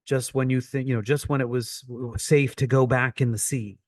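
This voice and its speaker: A man's voice: medium pitch, level tone, moderate pace, no echo, clean studio sound. A man coaching an online teaching session, repeating phrases for emphasis as he explains.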